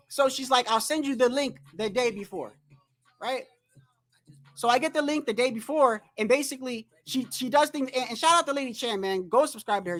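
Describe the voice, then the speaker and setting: High-voiced, animated streamer guy. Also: fairly quick. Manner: animated, profane, rambling. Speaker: boxing commentary streamer. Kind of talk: casual livestream storytelling.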